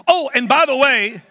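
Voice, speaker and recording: Older guy preaching to kids at church, high bright voice, jokey game-show vibe. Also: a little hiss or hum. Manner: lively, teasing, game-show banter with the audience. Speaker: guest preacher. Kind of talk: playful children's church talk. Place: church hall.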